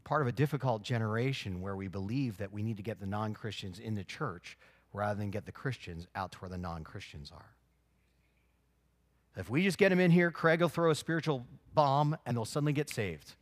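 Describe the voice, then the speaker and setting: A man preaching a sermon as pastor, telling stories with lively swings between loud exclamations and quiet, earnest emphasis. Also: mid-range voice, brisk.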